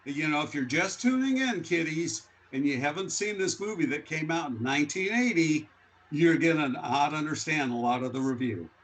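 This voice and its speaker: A man chatting casually on a podcast, making plain, measured remarks. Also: a little high, animated, fairly bright tone. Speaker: podcast guest. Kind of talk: casual chat.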